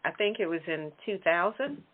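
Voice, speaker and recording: A woman's voice: on the low side, lively intonation, moderate pace, a little hiss or hum. A woman hosting a talk show, chatting casually and correcting herself as she goes. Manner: conversational, self-correcting. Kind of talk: casual political chat. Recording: tinny phone-like line.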